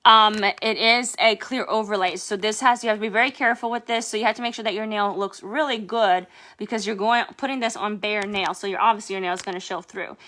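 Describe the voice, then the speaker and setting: A woman with a bright, crisp voice talks through a nail-care routine in a relaxed, chatty way. She rambles and fills her pauses with small hesitations as she demonstrates at home. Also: medium pitch. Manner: chatty, rambling with many fillers. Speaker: nail care tutorial vlogger. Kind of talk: casual how-to demonstration.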